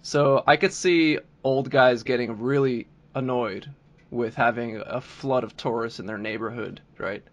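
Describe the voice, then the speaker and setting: A man hosting a podcast, asking questions in a relaxed, casual way and often restarting his words. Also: medium pitch, measured pace, lo-fi sound. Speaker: podcast host.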